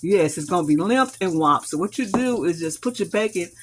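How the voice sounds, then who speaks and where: A woman's voice: on the low side, animated, brisk. A woman hosting a home cooking video, demonstrating a recipe in a chatty, homey way and calling her viewers y'all. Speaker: home cooking channel host. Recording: noisy kitchen with clattering utensils. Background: whisking, dishes and cutlery clinks.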